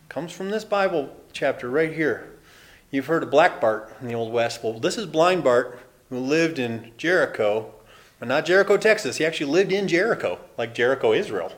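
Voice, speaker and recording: Animated, lively man preaching a sermon. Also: fairly high pitch. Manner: animated, acts out voices, laughs often. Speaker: pastor. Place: church building.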